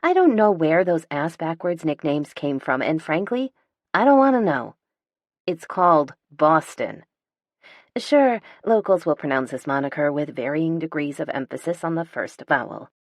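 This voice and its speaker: Low-voiced woman, wry audiobook narration. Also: lively intonation, no echo. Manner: wry, sardonic, deliberate emphasis. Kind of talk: scripted first-person audiobook narration.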